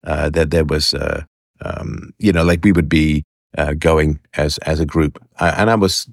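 A man with an extremely deep voice works through an article out loud, pausing on fillers and dropping scornful remarks. The sound is close and dry, with no room around it. His delivery is halting but opinionated. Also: steady tone, vocal fry, no room sound. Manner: hesitant, many fillers, scornful asides. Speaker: commentator. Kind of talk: commentary reading and reacting to an article and a clip.

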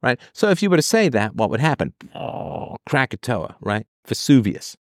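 A man's voice: mid-range voice, very animated, moderate pace, dry recording, studio quality. Blunt sarcastic man on an advice show. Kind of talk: heated advice monologue.

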